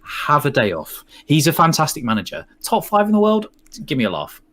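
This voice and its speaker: Animated man ranting on a stream. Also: a little high, brisk. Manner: animated, argumentative, mocking rants. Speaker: co-host of a football watch-along. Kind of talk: casual live stream chat.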